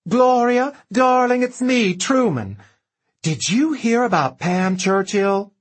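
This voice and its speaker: A flamboyant male writer who drawls with a lisp and pitches up high with theatrical, gleeful camp, as a man puts him on. Arch and gossipy, he comes from an audiobook narration with a faintly husky edge. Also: big pitch swings, very slow, full character voice. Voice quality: lisping, drawling.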